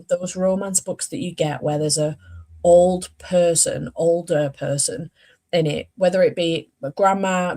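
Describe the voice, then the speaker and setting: Young woman, casual book vlogger, chatty and rambling, self-correcting, slightly low pitch. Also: darkish tone. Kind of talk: casual chat.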